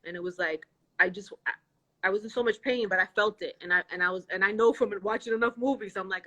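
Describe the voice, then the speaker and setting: A woman's voice: mid-range voice, quick pace, bright, forceful tone, rough recording. A woman guest in a casual livestream chat, earnestly recounting a painful ordeal over a video call.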